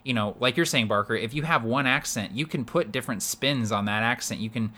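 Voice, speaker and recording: A man's voice: mid-range voice, a little fast, sharp tone. A man co-hosting a podcast, explaining voice-acting tips in a chatty, filler-heavy way. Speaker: podcast co-host. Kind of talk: casual chat.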